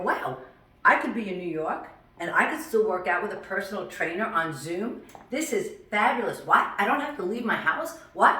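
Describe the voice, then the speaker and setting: A woman over fifty talks excitedly in her home kitchen, bursting into exclamations. Her voice sits a bit away from the mic, in an echoey room. Her pitch is middling for a woman. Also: recorded from a distance. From United States. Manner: chatty and effusive, animated exclamations. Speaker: fitness instructor. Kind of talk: casual cooking vlog chat.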